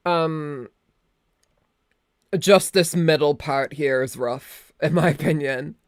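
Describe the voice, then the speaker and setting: A woman's voice: low voice, takes it slowly, no echo. A young adult woman streaming as a VTuber, chatting casually and rambling, swearing now and then into a close desk mic. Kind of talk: casual live-stream chat.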